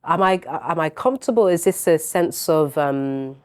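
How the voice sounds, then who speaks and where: A woman's voice: low voice, expressive, normal speed, darkish tone. A teenage girl with a mixed London and Northern Irish accent, hosting and asking questions animatedly. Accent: mix of London and Northern Irish. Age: teens. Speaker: talk show host, leads the questions. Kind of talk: casual chat.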